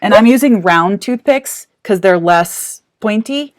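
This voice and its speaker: A woman's voice: mid-range voice, lively intonation, measured pace. A woman teacher explaining a hands-on math activity to parents, chatty and encouraging as she thinks aloud.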